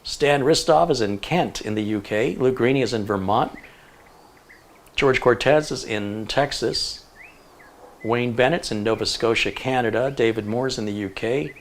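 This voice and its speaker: A middle-aged man hosts a tech livestream, reading out where viewers are from in a chatty way and adding jokey asides as he goes. His mid-range voice is unhurried.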